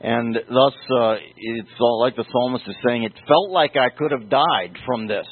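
A man teaching a slow, verse-by-verse sermon and explaining the meanings of Bible words. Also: mid-range voice, husky, no room sound. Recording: dry, phone-like audio.

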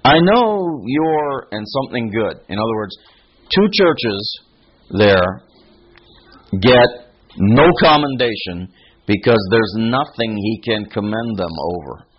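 A man delivers a sermon at a slow, deliberate pace, thinking aloud and restarting phrases as he teaches. His voice is mid-pitched and husky. The recording sounds dull and lo-fi. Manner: reflective, unhurried teaching with frequent restarts. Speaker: preacher.

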